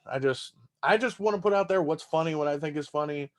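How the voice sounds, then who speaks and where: Fairly high-pitched and lively in intonation, this man talks quickly with hardly any pauses. He's a Texas comic with a Southern accent, swearing and laughing through stories in a relaxed podcast chat.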